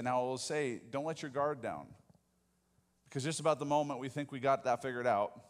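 Low-voiced pastor preaching in a reverberant sanctuary. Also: male voice. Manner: conversational, asks the congregation questions. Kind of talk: sermon. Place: church sanctuary. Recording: long hall reverb.

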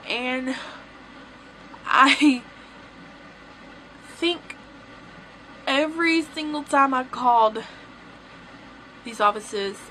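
Bright, high-voiced Tennessee woman. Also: slight background noise, low-quality recording. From southern United States. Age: young adult. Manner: chatty, rambling, laughs often. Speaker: vlogger. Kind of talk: casual vlog chat.

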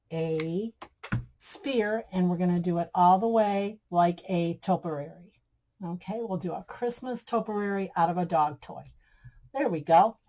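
A woman's voice: mid-range voice, a little mellow, a little hiss or hum, rough recording. A woman hosting a DIY craft tutorial, chatting to viewers as friends and gushing over her projects. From Michigan, USA. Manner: chatty, keeps addressing viewers as guys and friends. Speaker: craft channel host.

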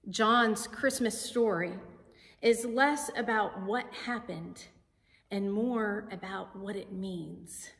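A woman pastor preaching a sermon in a slow, deliberate, emphatic way. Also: mid-range voice. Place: church sanctuary. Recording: sanctuary with long reverb.

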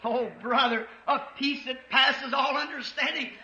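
A man preaching an impassioned revival sermon in a church, rising to shouts at the peaks. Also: extremely high pitch, fairly even intonation, a little slow. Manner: impassioned, shouting at peaks, old-time Southern US preaching cadence. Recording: echoey church, dull 1950s tape.

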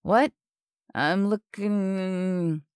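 A woman voicing an older father who speaks haltingly and trails off. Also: mid-range voice, animated, no echo, clean studio sound. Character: older father, confused and faltering.

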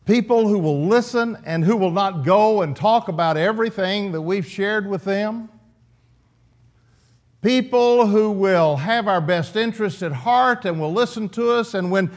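A man's voice: high-pitched, a little slow. A man preaching an earnest, emphatic sermon in church, often restarting his phrases.

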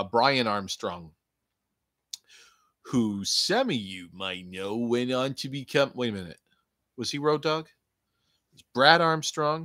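A man's voice: mid-range voice, fairly bright tone, no echo, studio quality. A man hosting a casual wrestling review podcast, rambling and joking with frequent swearing and playful outbursts. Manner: rambling, jokey, profane, with playful bursts. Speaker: podcast host.

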